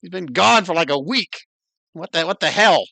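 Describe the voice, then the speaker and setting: A man's voice: high-pitched, expressive, moderate pace, creaky, bright, forceful tone, no room sound, pitched above the performer's own voice, full character voice. A man voicing a foul-mouthed, hungry male spider who complains on and on. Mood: grumbling. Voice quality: complaining, cussing.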